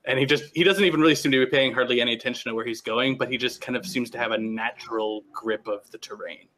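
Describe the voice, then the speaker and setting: A man narrating as game master of a tabletop game, relaxed and halting. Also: medium pitch, a little hiss or hum. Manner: relaxed, halting, many restarts.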